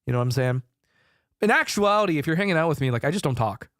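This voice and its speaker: A man's voice: on the high side, expressive, fast talker, a bit bright, no echo. A man streaming a casual chat, laid-back and swearing casually, with faint music behind him. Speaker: VTuber streamer.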